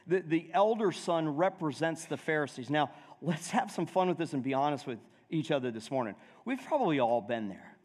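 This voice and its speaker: A man's voice: fairly high pitch, animated, a little fast, hardly any pauses, darkish tone. A male pastor preaching a sermon in a conversational way, asking the congregation questions. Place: church sanctuary. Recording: long reverb of a church hall.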